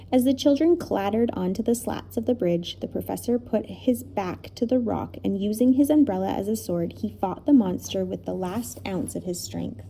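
A woman reading a children's story aloud in an expressive, dramatic way. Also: mid-range voice, vocal fry, slight background noise.

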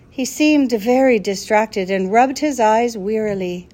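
A woman narrating a children's story in a measured, expressive way. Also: fairly high pitch. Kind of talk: storybook reading.

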